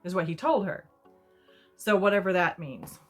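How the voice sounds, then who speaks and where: A woman's voice: lowish voice, moderate pace, faint music behind. A woman vlogger retelling a personal story in a rambling, chatty way with asides. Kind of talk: casual storytime.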